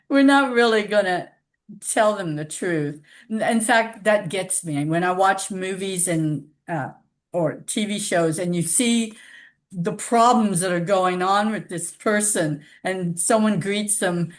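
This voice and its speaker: Animated woman hosting a discussion group. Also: medium pitch, slow pace. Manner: animated, acts out little dialogues when making a point.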